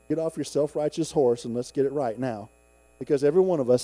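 Male preacher, high mellow voice, fervent and folksy, emphatic sermon delivery. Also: a little fast, dry recording. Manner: fervent, swelling to emphatic peaks then dropping low; personal, folksy storytelling with congregation asides.

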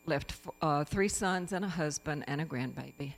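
A woman's voice: sits low, moderate pace. A woman addressing a church congregation in a spirited, exclamatory testimony full of praise.

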